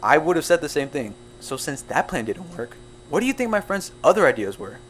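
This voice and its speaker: A young man narrating a storytime video in an excitable, jumpy way, full of quick asides. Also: a little high, slight background noise. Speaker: storytime YouTuber.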